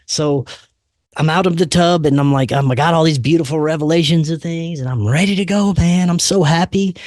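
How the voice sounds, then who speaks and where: A man's voice: on the high side, fairly quick, dry recording, clean studio sound. Man telling a story in casual slang. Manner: animated, slangy, peppers talk with "man" and "dude". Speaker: podcast host.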